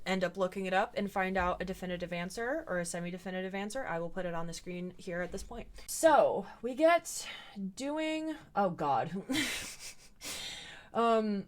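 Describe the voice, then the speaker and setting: A woman's voice: mid-range voice, expressive, moderate pace. A young adult woman hosting a commentary video, recapping online drama in a blunt, opinionated way and swearing freely.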